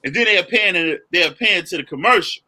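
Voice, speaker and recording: A podcast co-host tells stories in a casual, highly animated chat, dropping "you know what I'm saying" a lot. His voice is high-pitched, bright and forceful, moving at a moderate pace.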